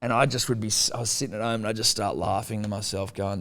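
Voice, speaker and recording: A man's voice: fairly low pitch, fast talker. Sweary man telling a story. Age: young adult. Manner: swears a lot, animated storytelling with voiced quotes. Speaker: podcast co-host. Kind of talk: casual chat.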